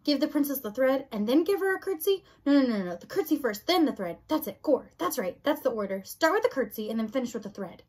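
A woman reading aloud voices a rough-spoken, hard-of-hearing twelve-year-old servant girl who shouts and mangles her grammar. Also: sits high, sing-song, quick pace, hardly any pauses, heavily acted. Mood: eager muttering. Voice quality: rustic, shouting, dropped grammar.

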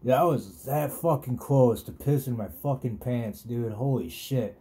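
Very dark-voiced man telling stories. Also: mid-range voice, measured pace. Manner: rambling, profane, laid-back. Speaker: podcast host. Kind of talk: casual storytelling monologue.

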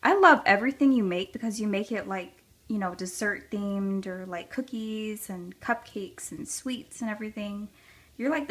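A young woman chatting casually as she opens a package of handmade craft gifts, gushing and gasping with delight, her voice going a bit hoarse. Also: mid-range voice, normal speed, a bit bright. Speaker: craft vlogger. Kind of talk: casual unboxing chat.

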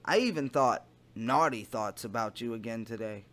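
A man playing a smarmy adult man sweet-talking online, with a slow, doting, syrupy delivery. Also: mid-range voice, fairly bright tone, voice pushed down, close to an everyday voice.

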